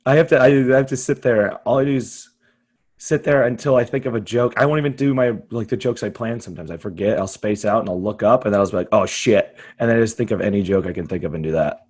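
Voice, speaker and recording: A man's voice: lowish voice, quick pace, a little mellow, husky. A young man co-hosting a comedy podcast, riffing crudely in casual banter with a friend. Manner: riffing, crude, jokey, puts on brief silly voices. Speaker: podcast co-host.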